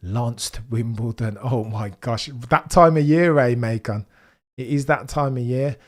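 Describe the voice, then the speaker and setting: A man's voice: medium pitch, unhurried. A man with a mild Birmingham accent hosting a casual live watchalong, chatting with viewers, reading their comments aloud and adding wry asides. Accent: Birmingham (Brummie), mild. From England, Birmingham area. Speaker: livestream host.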